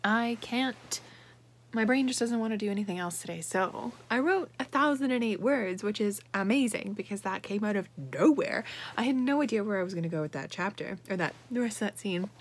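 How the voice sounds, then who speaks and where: A woman's voice: medium pitch, expressive, a little fast. A young woman talking casually in a writing vlog, rambling with lots of fillers. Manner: chatty, rambling with many fillers. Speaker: vlogger.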